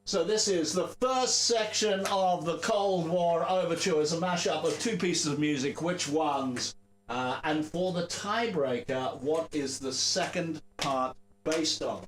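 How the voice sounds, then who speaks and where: A man hosting a casual live-stream chat, relaxed and rambling with fillers and chuckles. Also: a little high, a little slow, a little hiss or hum. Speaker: host.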